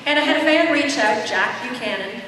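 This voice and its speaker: A woman voice actor on a convention panel, telling animated anecdotes and laughing often. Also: high-pitched, brisk. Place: large convention hall. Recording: echoey hall mic from far off with crowd.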